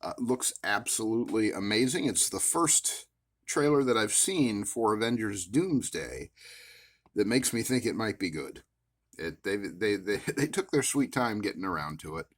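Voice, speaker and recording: A man's voice: on the low side, animated, moderate pace. A man casually rambling at his worktable about his action figures, with many "uh" fillers and wry, self-amused asides. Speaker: action figure collector vlogger. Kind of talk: casual rambling show-and-tell.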